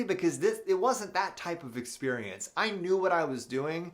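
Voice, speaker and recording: A man hosting a live motivational show, telling a personal story in an animated, unscripted way with many fillers and restarts, and reading viewer questions aloud. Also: fairly high pitch, normal speed, hardly any pauses.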